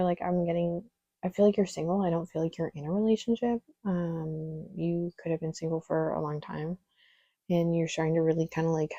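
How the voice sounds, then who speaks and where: A woman's voice: on the low side, mellow, no echo, highs cut off. A young woman doing a casual, chatty tarot reading, candid and a little exasperated, with frequent ums and laughs. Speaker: tarot reader.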